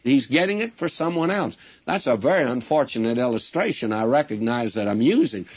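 A man's voice: mid-range voice, big pitch swings, normal speed, few pauses, slightly rough. A man preaching a sermon as a Bible teacher, speaking earnestly and addressing his listeners directly as friends. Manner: storytelling with quoted dialogue.

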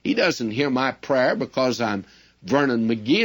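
Man preaching, earnest and direct, calls listeners friends, average pitch voice. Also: big pitch swings, unhurried, breathy edge. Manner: storytelling with quoted dialogue. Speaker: Bible teacher. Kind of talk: sermon.

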